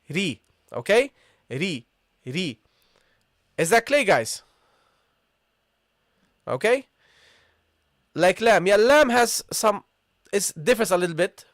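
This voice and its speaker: A man teaching an online Arabic lesson live, repeating points and checking in with viewers after nearly every phrase, and sounding out letters slowly for them to copy. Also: high-pitched, fairly bright tone, no echo, clean studio sound. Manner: repetitive, checks in with "okay?" and "guys"; models pronunciations slowly.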